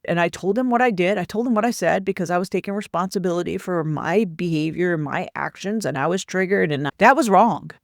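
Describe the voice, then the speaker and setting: A woman's voice: fairly low pitch, fairly quick, vocal fry, few pauses, no room sound, studio quality. A woman career coach candidly recounting a personal workplace story, acting out the quoted dialogue as she goes.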